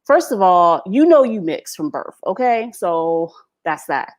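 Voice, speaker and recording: Brash animated woman vlogger. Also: fairly low pitch, unhurried. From United States. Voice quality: brash, profane, animated with frequent laughter. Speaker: vlogger hosting a live stream. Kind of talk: candid unscripted rant to viewers. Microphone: laptop built-in mic.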